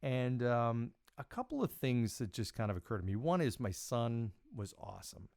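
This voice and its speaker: A middle-aged man hosting a podcast, telling a personal story in a casual, animated way and quoting himself with big jumps in pitch. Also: moderate pace, vocal fry, dry recording, clean studio sound. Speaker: podcast host.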